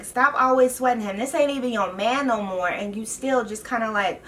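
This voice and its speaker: A woman vlogger recapping a TV show in a casual, animated and exasperated way, full of slang. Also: a little high, normal speed, hardly any pauses, far from the mic.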